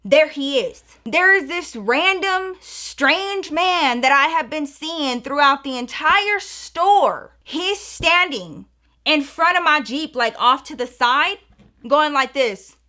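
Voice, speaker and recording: Chatty, bright-voiced woman telling a story. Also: sits high, slow pace. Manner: chatty, animated, addresses viewers as girl and y'all. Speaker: storytelling vlogger. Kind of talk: casual storytime vlog.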